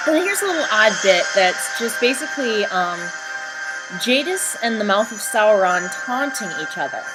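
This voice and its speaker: A woman giving casual, chatty video commentary with excitable fan enthusiasm. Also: medium pitch, normal speed, loud music behind the voice, rough recording.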